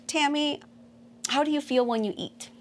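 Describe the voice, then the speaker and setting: A woman therapist asking questions calmly and patiently during an intake session. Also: high-pitched, moderate pace, slight background noise.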